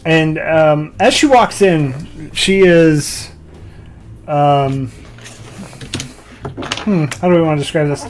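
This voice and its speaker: Slow, easygoing game master. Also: medium pitch, poor audio. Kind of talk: narrating a tabletop game.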